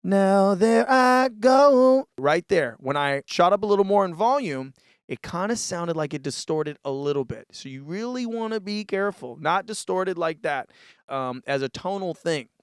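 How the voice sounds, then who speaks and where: Man, casual tutor, smooth clear voice, slightly high, dry close mic. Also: expressive, moderate pace, no room sound. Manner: laid-back, says "dude" a lot, demonstrates with his voice. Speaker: music tutorial host. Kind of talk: casual instructional demo. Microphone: vocal mic through a live mixer.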